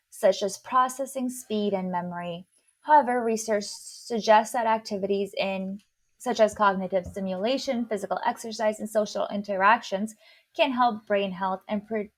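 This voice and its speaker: A woman hosting a podcast, walking through a science topic in casual chat. She has a slight lisp and a mid-range voice. She stumbles and restarts on long words. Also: mid-range voice. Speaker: podcast host.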